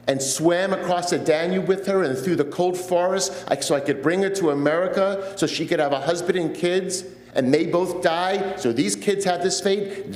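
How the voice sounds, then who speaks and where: Grieving old grandpa as a preacher acts him out crying out raw to God, pitched a bit high and ringing through a roomy church. he pleads rather than talks. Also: close to an everyday voice. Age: older. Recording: echoey church sanctuary.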